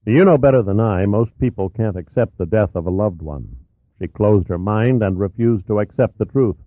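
A weary middle-aged coroner, as a male narrator reads him talks softly and patiently. His voice is low, dry and close. The sound is tinny and narrow. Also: animated, moderate pace, no echo. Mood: measured. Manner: soft, explanatory. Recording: tinny narrow-band audio.

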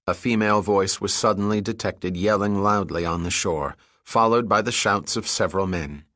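A man reading an audiobook chapter in a steady, measured narration. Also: fairly low pitch, no echo, studio quality. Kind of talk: scripted narration.

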